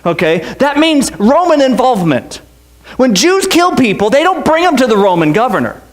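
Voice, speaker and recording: A man with a notably high-pitched voice preaches in a church. His sermon is casual and joking, with frequent "okay"s and quick restarts. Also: very animated. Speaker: pastor.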